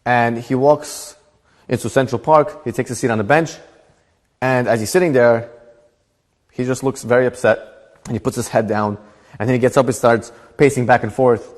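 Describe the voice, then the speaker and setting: A man, a rabbi, telling a story in a Torah class in a lively storytelling manner. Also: medium pitch, normal speed, long pauses, in a large hall. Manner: animated storytelling with voiced characters.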